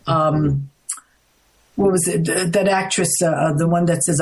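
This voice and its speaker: A middle-aged woman from the United States, a guest in an interview, telling a story in an animated, rambling way, restarting often. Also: low-pitched, unhurried, rough recording. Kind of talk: casual storytelling.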